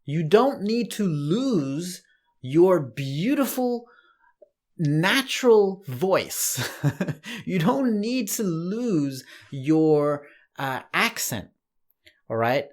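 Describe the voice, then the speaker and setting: A man giving a casual online English lesson, relaxed and chatty, with light laughs and restarts. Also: high-pitched, drawn-out words. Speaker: English teacher.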